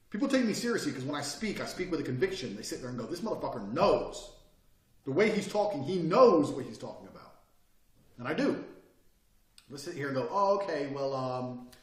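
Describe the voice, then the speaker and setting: Blunt, profane man in an echoey room. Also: fairly high pitch. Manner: profane, forceful and emphatic. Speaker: self-improvement speaker. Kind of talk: blunt motivational lecture. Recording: echoey room, mic at a distance.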